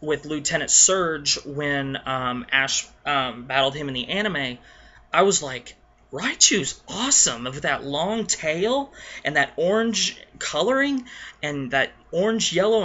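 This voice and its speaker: A young man talks through a casual countdown in a loose, rambling way, trailing off and restarting his sentences. His voice is slightly high and bright. The recording sounds dull and lo-fi. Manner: rambling and nostalgic, lots of ums and restarts. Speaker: gaming video host.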